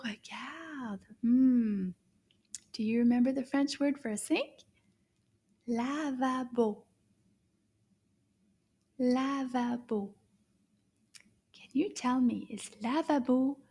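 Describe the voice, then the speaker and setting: A woman teaching French to young children, slow and encouraging, praising often. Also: fairly high pitch, warm tone, breathy edge. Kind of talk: children's language lesson.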